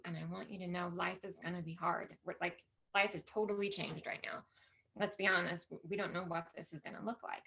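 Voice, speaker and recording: A woman's voice: on the low side, steady tone, brisk, creaky, sharp tone. A middle-aged woman speaking at a conference, telling a personal story with candid emotion and lots of quoted dialogue. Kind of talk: personal story told to an audience. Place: conference stage.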